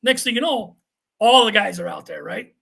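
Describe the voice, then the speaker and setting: A man in his fifties, a retired firefighter, tells a story on a podcast. His voice is raspy and gravelly, with a sharp, bright tone. He swears constantly and jumps into the voices of the people in his story. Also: sits high, normal speed. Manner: profane, animated storyteller who acts out others' lines.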